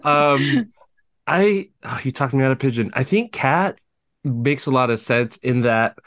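A man hosting a casual group chat podcast, playful and quick to slip into silly voices. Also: mid-range voice, expressive, a bit bright, dry recording, studio quality. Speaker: podcast host.

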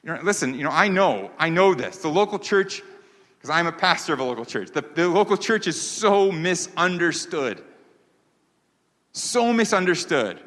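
Preaching with earnest emphasis, this pastor repeats key phrases to drive them home. His fairly high, fairly bright voice is expressive and moderately paced, and long hall reverb fills the recording.

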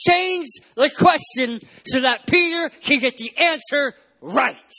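A male pastor preaching a sermon at a church service, emphatic, swinging between loud and hushed delivery. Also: extremely high pitch, slow pace, few pauses.

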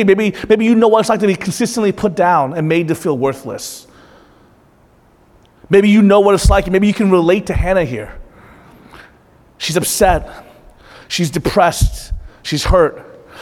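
A pastor with a high-pitched voice delivers an earnest, direct sermon, frequently putting questions back to his listeners. The long hall reverb of the church carries his voice.

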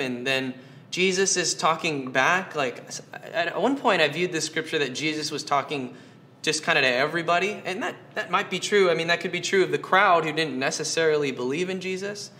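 A man's voice: on the high side, sharp tone, slight background noise. A man preaching a sermon, earnest, asking his listeners question after question and repeating phrases for emphasis. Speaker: pastor.

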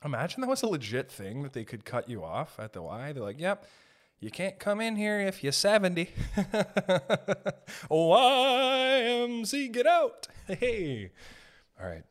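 A young man rambles through a profane solo comedy rant on his podcast, slipping into quick exaggerated voices. His pitch sits in the middle but swings widely as he riffs. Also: big pitch swings. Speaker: podcast host.

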